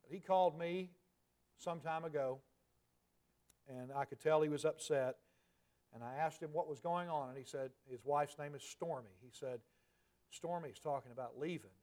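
A man in his forties preaching a sermon in a conversational way, dropping to soft, emphatic asides. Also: on the high side, moderate pace. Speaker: pastor.

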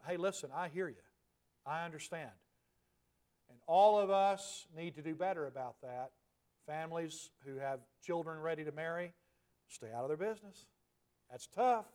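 A man in his forties preaching a sermon in a conversational way, dropping to soft, emphatic asides. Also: on the high side, moderate pace, pauses often. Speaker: pastor.

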